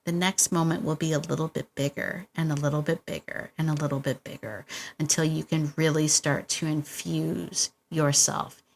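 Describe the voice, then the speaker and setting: A woman's voice: low-pitched, fairly even intonation, normal speed, vocal fry, slight background noise. A middle-aged woman hosting a dog-training podcast, coaching listeners in a casual, encouraging way with frequent laughs and repetition. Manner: warm, encouraging, laughs often, repeats herself.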